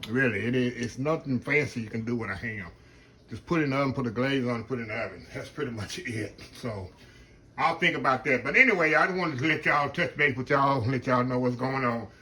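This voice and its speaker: A man's voice: medium pitch, brisk, pushed and bright, a little hiss or hum. Chatty man eating on camera. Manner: chatty, talks with mouth full, murmurs "mm" while eating; Southern phrasing, says "y'all". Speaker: cooking channel host. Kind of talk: casual cooking vlog, eating on camera.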